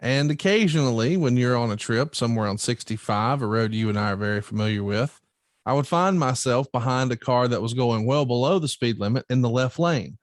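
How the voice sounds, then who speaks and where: A man's voice: medium pitch, animated, a little fast, dry recording, clean studio sound. A man co-hosting a podcast, teasing his guest and setting up long questions in a chatty way. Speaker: podcast co-host. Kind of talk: casual interview chat.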